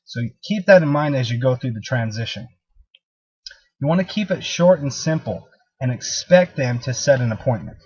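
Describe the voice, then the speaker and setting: A man's voice: medium pitch, lively intonation, moderate pace, a little mellow, husky, no echo, muffled recording. A man giving a recorded sales training talk in an emphatic, direct coaching manner.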